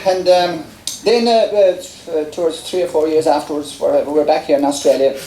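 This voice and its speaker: A man's voice: on the high side, fairly even intonation, moderate pace, mellow, roomy sound, slight background noise, low-quality recording. Irish man telling stories on a festival stage. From Ireland. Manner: chatty, laughs along at his own stories. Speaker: folk singer and storyteller. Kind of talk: onstage storytelling with song.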